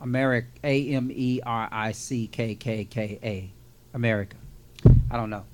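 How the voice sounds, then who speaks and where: A man's voice: medium pitch, flat delivery, measured pace. A man hosting a radio show in casual chat, joking and repeating words for emphasis.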